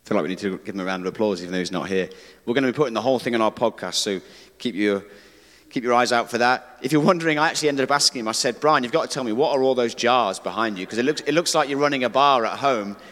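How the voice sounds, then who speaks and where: A man's voice: medium pitch, very fast, a bit bright. A man preaching a conversational sermon, earnest, who reads scripture aloud. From Britain. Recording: reverberant hall.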